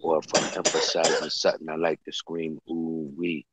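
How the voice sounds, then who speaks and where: A man chatting casually as a livestream guest, loose and excitable, talking off the cuff. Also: rumbling low, a little fast, background noise. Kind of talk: casual chat. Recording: dull lo-fi sound.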